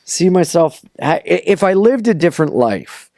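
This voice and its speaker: A man from Delaware, a comedian guest on a podcast, thinks aloud with stammers and restarts. His pitch is mid-range for a man but moves a lot. The sound is dry and close-miked. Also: big pitch swings, moderate pace, gravelly, darkish tone, dry recording. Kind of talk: casual comedy chat.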